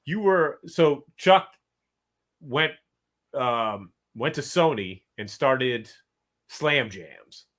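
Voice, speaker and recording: A man's voice: mid-range voice, animated, extremely slow, fairly bright tone. A man hosting a casual podcast interview, prompting his guest with short questions and brief agreement. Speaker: podcast host.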